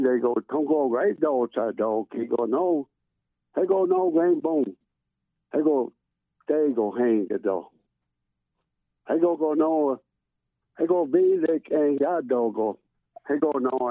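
An older man giving a spoken prayer over the phone, chanting with sudden high swoops in pitch. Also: vocal fry, dry recording. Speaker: prayer giver. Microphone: phone call. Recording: phone line.

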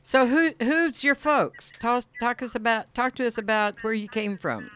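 A woman co-hosts a radio show and asks an elder about his life with warm, encouraging questions. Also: on the high side, animated, moderate pace, clean tone. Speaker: radio co-host and interviewer. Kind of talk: radio interview.

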